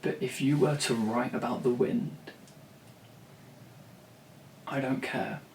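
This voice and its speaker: A man's voice: medium pitch, fairly even intonation, moderate pace, vocal fry, a little mellow, slight background noise. Male vlogger, blunt and rambly, swears, recorded roomy and off-mic. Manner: rambling, blunt, swears freely, many restarts. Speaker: songwriter and vlogger. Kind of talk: rambling talk to camera. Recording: roomy, distant from the mic, faint ambience.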